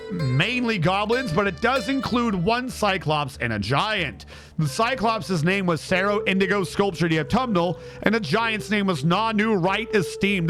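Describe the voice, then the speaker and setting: Guy streaming a game, high lively voice, swears a lot, exasperated. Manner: animated, exasperated, swears freely, talks to chat. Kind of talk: casual game commentary.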